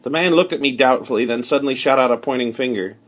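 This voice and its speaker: A man giving a measured, steady first-person narration of a story. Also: mid-range voice. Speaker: audiobook narrator.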